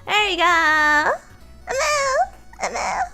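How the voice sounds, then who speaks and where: Woman, high-pitched, slow, slightly hoarse, giggly streamer chat, faint music behind. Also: sing-song, pushed and bright. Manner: giggly, chatty, talks to her chat. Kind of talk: casual live-stream chat.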